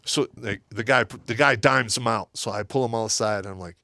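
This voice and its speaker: A middle-aged man telling stories as a podcast co-host, swinging between loud bursts and low mutters and laughing often. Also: a little fast, vocal fry, hardly any pauses, no room sound, clean studio sound. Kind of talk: casual storytelling.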